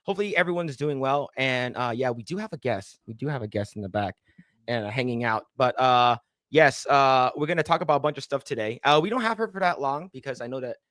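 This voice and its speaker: A man's voice: medium pitch, expressive, fast talker, fairly bright tone, no room sound, studio quality. A man hosting a casual podcast in a laid-back way with lots of fillers, plugging merch and sponsors. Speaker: podcast host.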